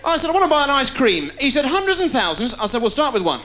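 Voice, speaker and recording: A man doing stand-up, firing off deadpan one-liners and puns. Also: very high-pitched. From England. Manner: rapid-fire deadpan puns with quick delivery. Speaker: stand-up comedian. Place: live TV studio with a laughing audience. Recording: loud crowd laughter, noisy 1990s TV broadcast.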